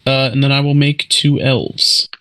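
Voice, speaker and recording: A man playing a casual card game with friends, calmly explaining his moves and teasing the others. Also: mid-range voice, unhurried, clear, resonant tone, dry recording, low-quality recording. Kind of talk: casual chat among friends.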